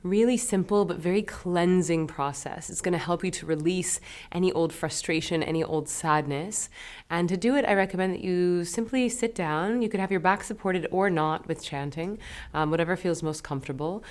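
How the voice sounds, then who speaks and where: A woman teaching a meditation lesson, talking in a gentle, soothing, unhurried way. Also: fairly low pitch.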